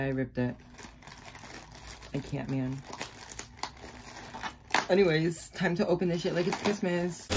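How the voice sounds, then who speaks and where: A young adult vlogger unboxing a package in a casual vlog, gushing, swearing freely and squealing with delight. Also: medium pitch.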